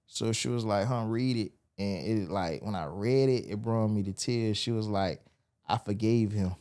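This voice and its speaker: A man's voice: on the low side, normal speed, darkish tone. A man, telling his story as a podcast guest and acting out the voices he quotes. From Miami, USA. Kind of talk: storytelling interview.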